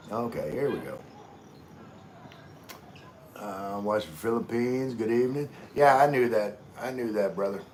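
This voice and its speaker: A man's voice: medium pitch, slight background noise. A middle-aged man from Louisiana with a Southern accent, hosting a casual livestream, chatting with viewers in a laid-back, drawling way and greeting them by name. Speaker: livestream host. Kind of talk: casual live chat reading comments.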